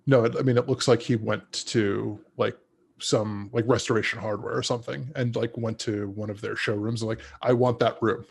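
A man's voice: lowish voice, steady tone, fairly quick, creaky, husky. A young man in casual chat, easygoing and rambling with lots of fillers.

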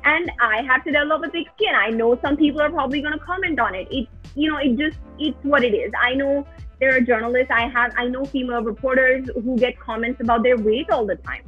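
A woman's voice: sits high, fast talker, breathy edge, faint music behind. A woman journalist with a North American accent, a guest in an interview, talking earnestly and reflectively with frequent fillers over a video call. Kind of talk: interview conversation. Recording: tinny phone-like line.

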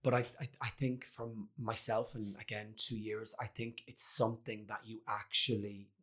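A man hosting a conversation, gentle and reflective. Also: fairly low pitch, normal speed. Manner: gentle, turns animated when storytelling. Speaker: host. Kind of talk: podcast conversation.

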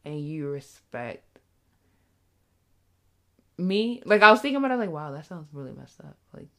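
Podcast co-host, woman, lower voice, lively storytelling, mimics her partner. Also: moderate pace. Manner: animated, acts out her partner's voice. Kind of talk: casual couples chat.

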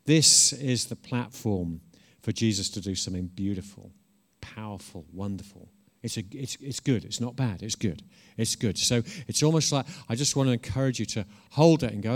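A man's voice: mid-range voice, moderate pace. A man preaching a conversational sermon. He is informal and earnest, restarts often, and swells into emphatic bursts.

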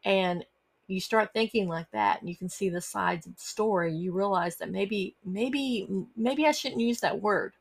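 A woman's voice: medium pitch, unhurried, gravelly, slightly rough. A middle-aged woman, hosting a personal storytelling podcast and talking earnestly, with frequent fillers and restarts. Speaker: podcast host.

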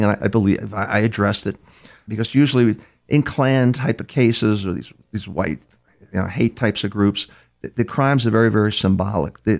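An older man, a criminal profiler guest in an interview, telling stories conversationally with frequent restarts and repeated words. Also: lowish voice. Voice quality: gravelly. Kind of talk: conversational storytelling.

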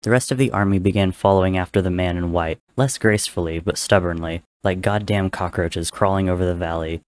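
A man narrating a dramatic story in a steady, measured reading. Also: deep voice.

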